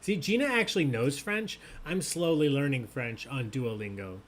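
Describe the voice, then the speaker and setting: At a normal speed and medium pitch, a man hosts a live online trivia night. He's animated and jokey, reading the questions and bantering cheerfully with the players.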